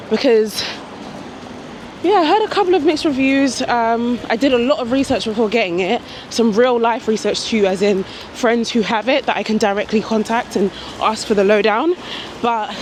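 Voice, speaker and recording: A young woman, chatting casually to camera as she walks around the city, bubbly and quick to laugh. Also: medium pitch. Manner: chatty and bubbly, laughs often, talks to camera while out walking. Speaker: vlogger. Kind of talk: casual vlog chat. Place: outdoors and in a train station. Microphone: small clip-on mic. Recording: noisy street and station background.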